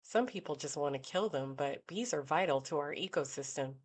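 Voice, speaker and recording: A man's voice: on the high side, lively intonation, brisk. A woman voicing an earnest, talkative male veterinarian who speaks eagerly.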